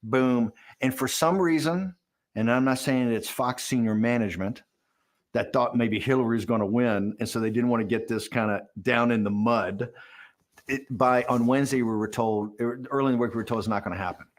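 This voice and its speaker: A man's voice: medium pitch, normal speed. A man in his sixties giving a candid documentary interview, telling a story with animation and acting out quoted dialogue. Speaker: interview guest.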